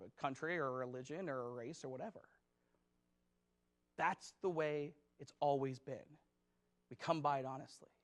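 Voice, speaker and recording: High-voiced casual preacher man. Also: fairly bright tone. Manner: casual, rambling, full of "like" fillers. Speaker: pastor. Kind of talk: conversational sermon.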